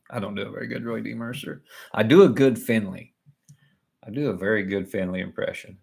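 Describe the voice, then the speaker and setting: A man's voice: fairly low pitch, fairly even intonation, brisk, creaky, a little mellow. A man doing chatty, self-mocking live commentary on a sporting event. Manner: chatty and joking, laughs at himself. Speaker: livestream commentator.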